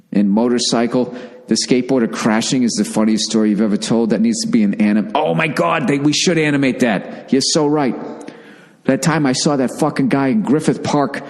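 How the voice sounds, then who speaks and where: A middle-aged man talks through a loose, profane podcast monologue, drifting from one story to the next as he reads out listener messages. His voice sits fairly low, and a long reverb trails after his words. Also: a little mellow. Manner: rambling, profane, reading listener requests aloud. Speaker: podcast host.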